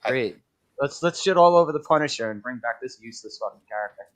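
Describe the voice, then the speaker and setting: A man's voice: medium pitch, lively intonation, fast, a crowd in the background. A man on a podcast panel, ranting with irritation and profanity. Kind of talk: casual chat.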